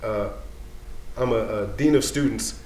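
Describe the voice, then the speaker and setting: A man's voice: fairly low pitch, a little slow, darkish tone, roomy sound. A man in his thirties, a dean of students, telling a personal story live in a casual, streetwise way, full of "you know".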